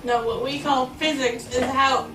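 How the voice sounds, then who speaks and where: A young woman with a high voice trades dry, sarcastic jabs at an unhurried pace. She is recorded from a distance in an echoey room, with faint music behind her. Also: fairly even intonation, a bit bright. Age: young adult. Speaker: friend of the host. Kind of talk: casual chat.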